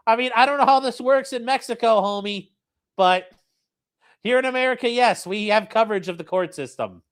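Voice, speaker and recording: A man's voice: very high-pitched, fairly quick, fairly bright tone. A man hosting a livestream, reading from a statement and mocking it with profane, sneering commentary. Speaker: livestream host.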